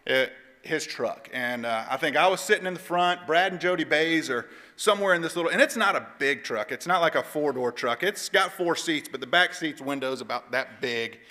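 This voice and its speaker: A man gives a devotional talk in a church auditorium and tells his story in a lively, conversational way. His voice is slightly high and very bright. A long reverb trails each phrase. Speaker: church speaker giving a devotional.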